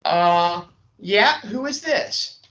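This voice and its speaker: A wary receptionist screening a caller, put on by a man raising his voice, guarded and clipped. Her voice sits high above a man's usual range and comes out bright. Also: animated, very slow, lo-fi sound, heavily acted. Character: female office gatekeeper, wary receptionist.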